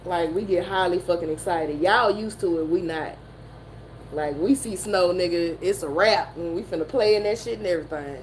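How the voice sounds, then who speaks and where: A woman with a Southern American accent, telling a story in a profane, animated way and laughing often. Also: on the low side, normal speed, slight background noise, poor audio. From Southern United States. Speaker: motivational streamer. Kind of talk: casual storytelling chat.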